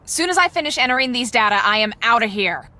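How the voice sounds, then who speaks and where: A frantic storm-team boss. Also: female voice, a little high, expressive, bright, forceful tone. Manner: rushed, bossy, hurried instructions. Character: frantic adult woman storm researcher. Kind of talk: video game voice acting.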